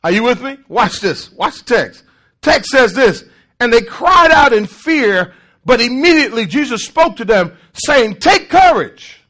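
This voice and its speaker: A man preaching a call-and-response sermon, emphatic and repetitive, swinging from shouts to low murmurs. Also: very animated, measured pace. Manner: repeats and restarts words for emphasis.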